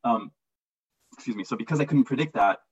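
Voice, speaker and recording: A man's voice: mid-range voice, brisk, slightly rough, highs cut off. A man answering interview questions in casual, enthusiastic talk, often repeating words as he gets going. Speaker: interview guest, marketing analyst.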